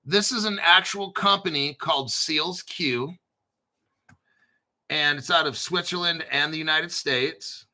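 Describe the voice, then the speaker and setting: A man hosting a casual crypto show, rambling, clearing his throat often and swearing offhandedly. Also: on the high side, unhurried, bright, forceful tone. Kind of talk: casual commentary to camera.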